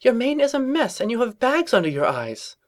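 A man voices a glamorous, fussy lady pony, pitching far above his own voice to a very high register with huge swings at a normal speed. The heavily acted performance is affected and posh as she fusses.

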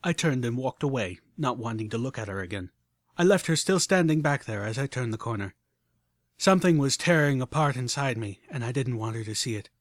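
A man narrating a story in the first person with expressive, animated delivery. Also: medium pitch, brisk, dry recording, studio quality. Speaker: audiobook narrator.

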